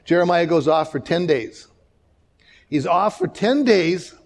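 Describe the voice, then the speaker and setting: A man's voice: on the high side, a little slow, gravelly. A man preaching a sermon as pastor, telling stories and acting out the people he quotes, often restarting and repeating words. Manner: animated storytelling, acts out quoted voices.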